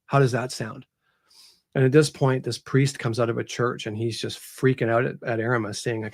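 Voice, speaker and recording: A man's voice: medium pitch, little pitch movement, moderate pace. A male author as an interview guest, retelling scenes casually and animatedly with lots of "you know".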